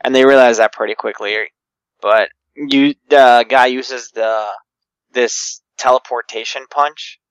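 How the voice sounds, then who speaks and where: A man's voice: mid-range voice, steady tone, measured pace, clear, resonant tone, no echo. A man co-hosting a podcast, chatting easily and laughing often as he recaps. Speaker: podcast co-host. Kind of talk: casual recap chat. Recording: dull lo-fi mic.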